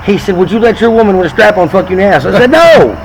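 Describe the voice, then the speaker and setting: A man's voice: sits high, a little hiss or hum, rough recording. A man telling crude stories in rowdy casual chat as a podcast co-host. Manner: crude, rowdy, quick storytelling.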